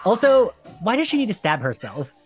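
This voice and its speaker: A man's voice: high-pitched, wildly swooping pitch, a little fast, faint music behind. A man co-hosting a casual film commentary podcast, chatty and prone to rambling anecdotes. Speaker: podcast co-host.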